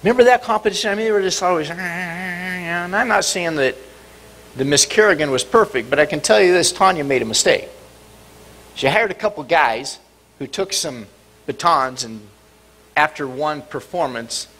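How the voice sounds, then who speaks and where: A middle-aged man preaching a sermon in church, dramatic and expressive, sometimes acting out cries and shouts. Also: on the high side. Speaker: pastor. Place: church sanctuary.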